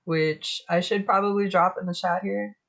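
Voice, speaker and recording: A woman's voice: medium pitch, steady tone, normal speed, vocal fry, a bit bright. A young adult woman streaming live, chatting casually and swearing while she fixes her setup, humming little ditties along the way. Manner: profane, chatty, talks to herself while fiddling with tech; sings little ditties under her breath.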